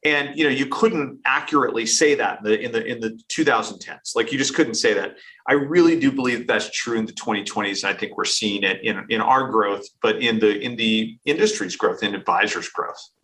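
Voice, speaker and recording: Fast-talking, animated man with a bright voice. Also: lowish voice, low-quality recording. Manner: fast, animated talker with many restarts. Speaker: company CEO, podcast guest. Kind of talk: casual business interview.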